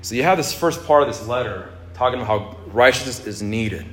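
A man preaching a sermon in a relaxed, conversational way, with jokes and asides to the congregation. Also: medium pitch, brisk, slight background noise. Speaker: pastor. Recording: echoey room.

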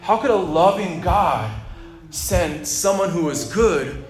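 A man's voice: high voice, lively intonation, slow, soft background music. Conversational male pastor in an echoey room. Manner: conversational preaching with jokes and asides. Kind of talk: sermon.

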